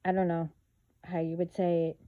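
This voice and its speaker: A woman vlogging in a casual monologue, talking haltingly with many fillers and trailing thoughts. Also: lowish voice, little pitch movement, narrow, tinny audio.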